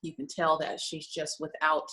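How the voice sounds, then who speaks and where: A woman's voice: low-pitched, completely flat delivery, normal speed, bright, forceful tone, rough recording. Earnest woman telling a heartfelt story. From United States. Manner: earnest, emotional, frequent "you know". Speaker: guest, lingerie shop owner. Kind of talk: conversational storytelling.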